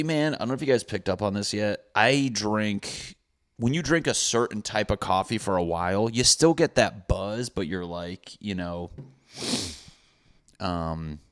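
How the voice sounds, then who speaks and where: A man's voice: low voice, no echo, clean studio sound. A man hosting a casual solo podcast from his apartment, talking in a rambling, profane, jokey way and wandering off on tangents. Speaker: podcast host. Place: apartment room with thin walls.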